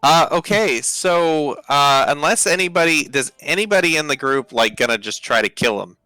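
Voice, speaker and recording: A man narrating a tabletop game as dungeon master, halting with many "uh" fillers. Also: fairly high pitch, animated, sharp tone, dry recording.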